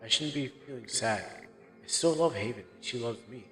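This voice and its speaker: Brief: male streamer, mid pitch, quiet hesitant reading, reverb tail, faint music under. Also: moderate pace. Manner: subdued, hesitant reading with restarts. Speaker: game streamer. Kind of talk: reading game text aloud during a playthrough.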